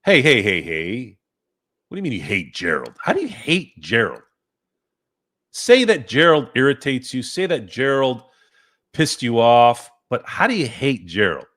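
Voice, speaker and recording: A man's voice: mid-range voice, huge pitch swings, a little slow, a bit bright. A man hosting a live-stream sports chat, ranting and cursing in a fired-up way. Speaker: sports podcast host.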